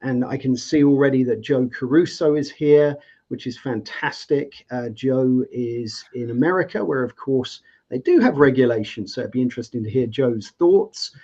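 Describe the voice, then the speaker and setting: A man's voice: medium pitch, moderate pace, warm tone. A man hosting a live debate show, upbeat and chatty, with plenty of fillers and restarts. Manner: enthusiastic, lots of fillers and restarts. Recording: slightly dull lo-fi audio.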